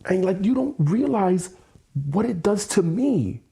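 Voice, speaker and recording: A man's voice: high voice, big pitch swings, measured pace, vocal fry, mellow. A man hosting an EFT tapping session, venting with angry, profane, repetitive words and weary sighs.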